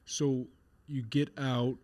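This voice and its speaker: A man's voice: mid-range voice, flat delivery, takes it slowly, a little mellow. A man hosting an interview podcast, giving short affirmations and reflecting back what his guest says. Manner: brief supportive affirmations and reflective paraphrasing. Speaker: podcast host. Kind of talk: conversational interview.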